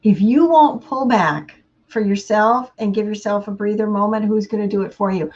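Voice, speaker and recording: A woman giving a casual inspirational talk, unhurried and laughing often between thoughts. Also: medium pitch, darkish tone, muffled recording. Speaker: motivational speaker.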